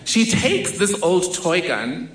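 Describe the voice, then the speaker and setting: A man's voice: sits high, big pitch swings, takes it slowly, a bit bright. A man from telling a vivid, self-mocking personal story on stage in a large hall. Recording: echoey hall with faint noise.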